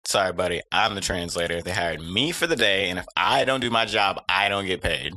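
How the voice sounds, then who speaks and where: A cocky, wisecracking translator, played by a man, talks in a bright, lively low voice with big swings in pitch. The sound is dry and close, with soft music underneath. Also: brisk, no echo. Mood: smug. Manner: cocky, wisecracking, mistranslates on purpose. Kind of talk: comedy audio drama.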